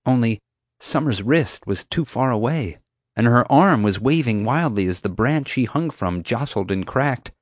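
A man reading a first-person adventure story aloud as narrator, steady and vivid. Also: medium pitch, unhurried, no room sound, clean studio sound. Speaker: audiobook narrator.

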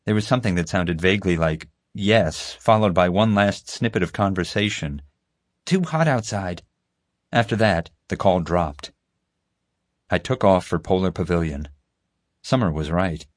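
A man narrates a story in the first person with a steady, even delivery. His voice sits on the low side. The recording is dry with no room around it. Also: normal speed, no room sound. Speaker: audiobook narrator. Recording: dry close studio sound.

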